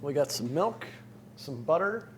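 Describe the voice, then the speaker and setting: A man's voice: on the high side, very animated, measured pace, noisy background. A man co-hosting a cooking show in a studio kitchen, describing his steps in an easygoing, plain-spoken way. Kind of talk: on-air cooking demonstration.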